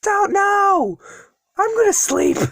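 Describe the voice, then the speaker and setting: A man voicing a hot-headed young male hero who shouts brashly. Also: sits high, sing-song, normal speed, dry recording, clean studio sound, voice pushed up. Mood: worn out.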